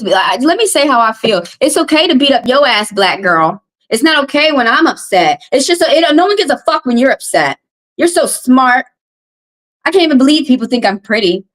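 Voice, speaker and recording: A woman's voice: high voice, lively intonation, fairly quick. A woman tarot reader from the American South, ranting to her live-stream chat in an upset, confrontational way and repeating herself. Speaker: tarot reader and livestream host. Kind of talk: heated live-stream rant.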